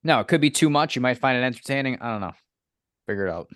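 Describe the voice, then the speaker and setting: A man's voice: medium pitch, expressive, quick pace, fairly bright tone, no echo, clean studio sound. A man co-hosting a golf podcast, speaking bluntly in short clipped answers with plenty of swearing. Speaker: podcast co-host. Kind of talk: casual chat.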